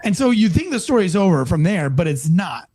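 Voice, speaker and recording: An American man and former police officer telling a story in a casual interview, animated and profane, acting out the people in it. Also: sits high, fairly quick, slightly rough. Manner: animated, profane, acts out quoted voices.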